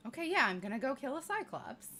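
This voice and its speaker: Woman player, playful joking delivery, bright tone. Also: sits high, big pitch swings, fast. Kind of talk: tabletop role-play.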